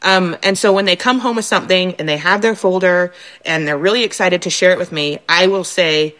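Woman in her thirties, mother on a podcast, lively storyteller, does her kids' voices, mid-pitched. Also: brisk. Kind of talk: casual chat.

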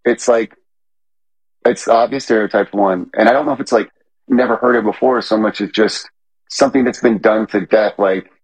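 Husky low-voiced comedian guest. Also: male voice, steady tone, normal speed, poor audio. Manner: rambling, filler-heavy, self-correcting. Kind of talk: casual interview chat.

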